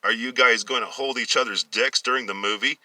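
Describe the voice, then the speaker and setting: A man reading a story aloud and voicing a defiant young woman who shouts back. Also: medium pitch, fairly even intonation, fairly quick, no echo, poor audio.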